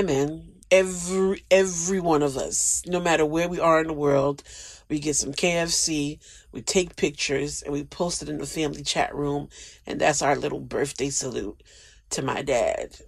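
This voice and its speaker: A man's voice: a little high, steady tone, unhurried, creaky, no echo. Man, podcast host, casual chat, rambling, emotional, dry sound.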